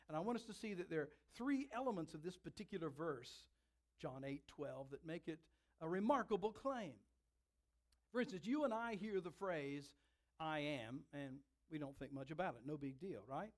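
A man preaching a sermon, telling a scene with dramatic, emphatic delivery and slowed, stressed words. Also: fairly high pitch, expressive.

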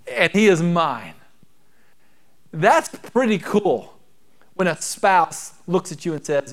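A pastor preaching a sermon, who reads scripture quietly and slowly, then preaches with rising emphasis. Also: male voice, high voice, big pitch swings. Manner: swings from hushed scripture reading to emphatic preaching.

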